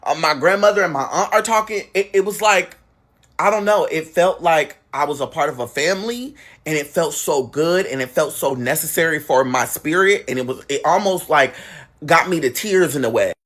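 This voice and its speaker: A man telling a family story in a casual storytime chat, acting out what relatives said with big jumps in pitch. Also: moderate pace, a bit bright. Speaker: guest storyteller.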